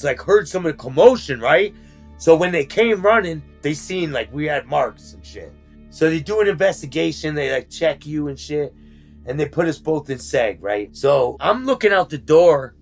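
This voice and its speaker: A man casually telling about his time in prison, in street slang, with animated retelling. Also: medium pitch, creaky, husky. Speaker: former inmate telling his story. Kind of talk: casual storytelling.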